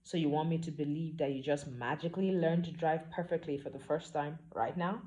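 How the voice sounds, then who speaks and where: A woman reads a spirited young woman in a storybook who speaks bluntly and sounds fed up. Her low, mellow voice turns sharp and pushy as she presses for answers. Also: steady tone, a little fast, lightly acted. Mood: exasperated. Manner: blunt, exasperated.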